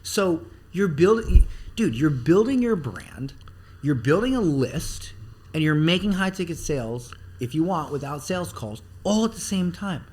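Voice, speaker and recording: A man talking as a podcast guest about marketing, animated and blunt, with some swearing, acting out the things people say. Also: a little high, unhurried, husky. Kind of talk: casual podcast interview.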